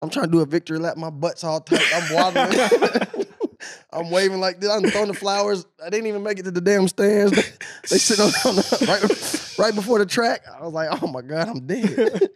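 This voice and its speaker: A man on a podcast telling a lively story, laughing often and acting out what others said. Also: high-pitched, fast talker, dry recording, studio quality. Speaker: podcast co-host, former sprinter. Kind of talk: casual storytelling chat.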